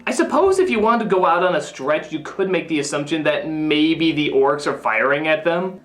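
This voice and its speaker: A man's voice: sing-song, moderate pace, hardly any pauses. Ranting man reviewing films. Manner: ranting, sarcastic, swings into sudden high yells. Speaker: film reviewer. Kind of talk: comedic film review, impression of a famous critic. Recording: echoey room with faint music.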